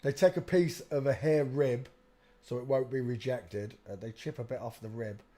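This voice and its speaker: A man hosts a live stream in a casual, rambling style, repeatedly saying "look" as he points viewers to pictures. His voice is mid-range with a dark tone, at normal speed.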